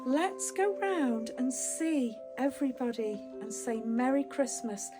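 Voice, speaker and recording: A very high, slow-spoken woman with a Manx English accent leads little ones on a festive tour, greeting each thing with gasps and sing-song exclamations. Music plays clearly behind her. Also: poor audio. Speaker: children's singing group leader. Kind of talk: cheerful tour for toddlers.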